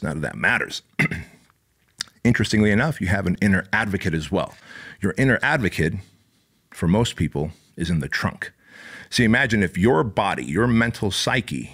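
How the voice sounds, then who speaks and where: A man's voice: lowish voice, a bit bright. A middle-aged man hosting his own show, giving a blunt, profane motivational monologue with lots of emphasis. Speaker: podcast host.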